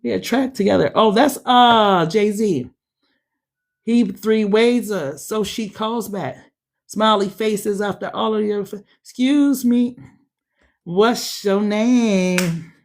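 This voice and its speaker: A woman's voice: mid-range voice, takes it slowly. Blunt, profane woman reading tarot. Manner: blunt, profane, sassy slang. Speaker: tarot reader. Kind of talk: casual tarot reading livestream.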